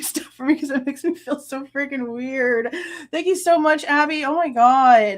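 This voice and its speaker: A woman with a slightly high, brisk voice hosts a true crime livestream, ranting angrily in a casual way, swearing and laughing between outbursts.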